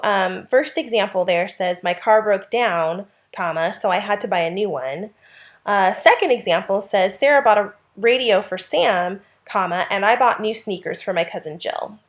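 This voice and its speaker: Woman teaching grammar, reading examples aloud. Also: medium pitch. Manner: explains steadily, reads example sentences aloud. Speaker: English teacher. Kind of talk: grammar lesson.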